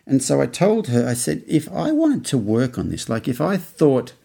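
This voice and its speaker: A man in his fifties with an Australian accent and a gravelly, creaky edge to his voice talks through a podcast monologue. He rambles along, restarting his sentences and acting out the quotes in his own story. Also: medium pitch, sing-song, moderate pace, mellow. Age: 50s. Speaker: podcast host.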